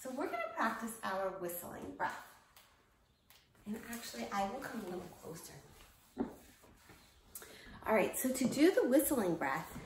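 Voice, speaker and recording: A woman teaching a children's yoga lesson, gently encouraging young kids through breathing and animal poses. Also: mid-range voice, slight background noise. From United States. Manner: gentle, encouraging, slow and patient. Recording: very echoey room, voice from far off.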